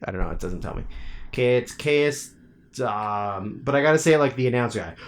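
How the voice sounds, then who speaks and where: A man's voice: fairly low pitch, animated, fast, noisy background. A man co-hosting a podcast in casual banter, rambling, swearing and laughing often. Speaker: podcast co-host.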